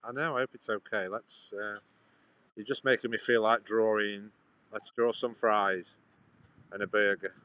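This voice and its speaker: A man's voice: fairly low pitch, steady tone, normal speed, sharp tone, no echo, poor audio. A man rambling on a live stream outdoors, chatting back to his viewers. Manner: chatty, meandering, answers chat questions. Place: outdoors in a sunny town.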